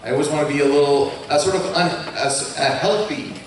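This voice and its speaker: A man's voice: fairly high pitch, fast. A young man from Colorado giving a chatty, self-mocking talk as a YouTuber on a live convention panel. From Colorado, USA. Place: large convention hall with an audience. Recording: echoey hall from far off, faint hiss.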